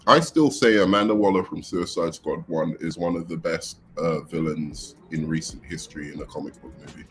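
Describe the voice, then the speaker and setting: A man's voice: deep voice, moderate pace, fairly bright tone, faint music behind. A man in a casual group chat about TV, opinionated and insistent, digging in on his views.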